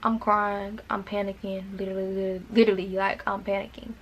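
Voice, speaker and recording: A woman's voice: medium pitch, little pitch movement, fast talker, fairly bright tone. A young woman from Arkansas, telling a dramatic storytime to her viewers in casual chat, with repeated words and asides. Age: young adult. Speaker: vlogger.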